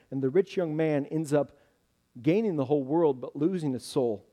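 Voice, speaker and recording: A man's voice: fairly high pitch, normal speed, mellow. A man preaching a sermon earnestly, rising with emphasis at key points.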